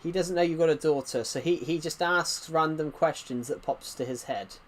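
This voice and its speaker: A man's voice: fairly high pitch, moderate pace, slight background noise. A man giving casual, rambling commentary while playing a video game, chatting and drifting onto side topics. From Britain. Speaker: gaming channel host.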